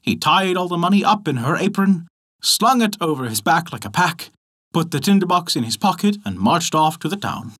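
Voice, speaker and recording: A man narrating a folk tale as a storyteller, expressive and animated. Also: fairly high pitch, moderate pace, slightly rough.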